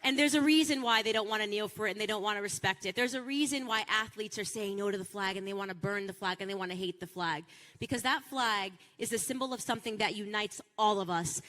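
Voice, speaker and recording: A woman delivering an impassioned political speech, emphatic and repetitive for effect, building to near-shouting peaks. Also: mid-range voice, fast talker, in a large hall, a little hiss or hum. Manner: repeats phrases for rhetorical punch. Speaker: political speaker.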